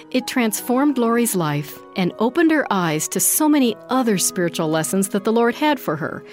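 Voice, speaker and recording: Lively scripted woman narrator. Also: mid-range voice.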